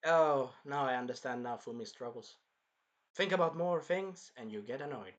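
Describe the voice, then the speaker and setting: A man giving a casual anime episode review, excitable, acting out scenes in bursts and swearing freely. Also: mid-range voice, moderate pace, dull audio.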